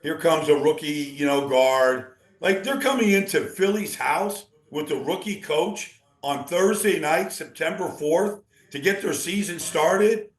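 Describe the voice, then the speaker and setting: A male football analyst with a fairly high voice, talking in an animated, rambling way. He restarts his sentences again and again. He is recorded in a roomy, echoey space. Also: a little slow, hardly any pauses. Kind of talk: casual sports talk.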